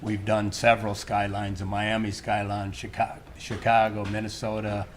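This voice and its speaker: An older man, a painter, rambling and halting through a casual interview in a gallery. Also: fairly low pitch, completely flat delivery, a little hiss or hum. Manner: rambling, halting, restarts often. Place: art gallery during a live event.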